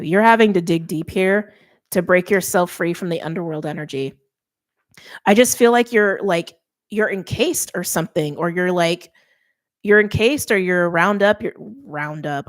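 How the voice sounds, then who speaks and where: A young woman with a slightly low voice reads tarot cards in a loose, conversational way. She talks with emphasis, repeats herself and breaks off mid-thought. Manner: chatty, emphatic, self-interrupting. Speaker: tarot reader. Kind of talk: casual tarot reading.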